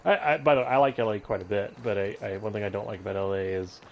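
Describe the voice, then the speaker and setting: A man's voice: fairly low pitch, steady tone, fast talker, lo-fi sound, a little hiss or hum. A man casually commentating a live gameplay stream, rambling and breaking off into tangents. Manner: rambling, self-interrupting, goes off on tangents.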